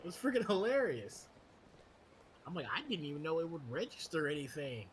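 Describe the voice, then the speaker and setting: A man's voice: fairly high pitch, brisk, crowd noise. A young man in casual stream chat, telling stories animatedly with lots of "like" fillers. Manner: animated storytelling, full of "like" fillers.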